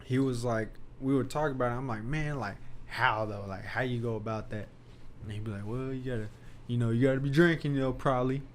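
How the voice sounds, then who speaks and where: A man's voice: medium pitch, brisk, slight background noise. A young man hosting a podcast, telling loose, profane stories in casual chat and laughing often. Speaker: podcast host.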